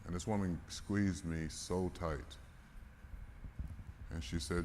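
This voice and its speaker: Deep flat-voiced man telling a story in a hall. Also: takes it slowly. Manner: candid, emotional, laughs and swears. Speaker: conference speaker. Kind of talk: storytelling keynote talk. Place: large conference hall. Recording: reverberant hall with faint noise.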